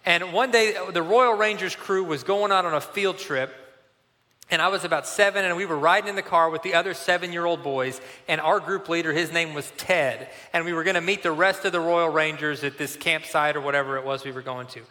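A man in his forties preaches a conversational, animated sermon, leaning into a story from the pulpit. His voice sits a bit high and rings bright and forceful. Long reverb from the big church hall trails behind him. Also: brisk. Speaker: pastor.

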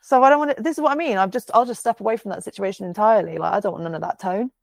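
A woman's voice: mid-range voice, racing, vocal fry, dry recording. A woman, co-hosting a podcast in casual chat, swearing freely and laughing often as she tells stories. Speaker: podcast co-host.

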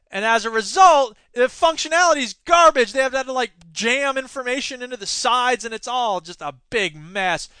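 Sarcastic animated man hosting a podcast. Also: extremely high pitch, normal speed, hardly any pauses, clear, resonant tone, dry recording. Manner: sarcastic, animated, argues with himself. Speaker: podcast host. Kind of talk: solo news commentary podcast.

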